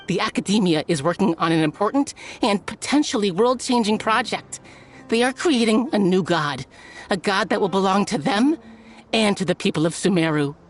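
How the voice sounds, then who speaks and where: A woman voicing a captured scholar's aide in a game, explaining a secret in a steady, resigned way. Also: on the high side, natural voice.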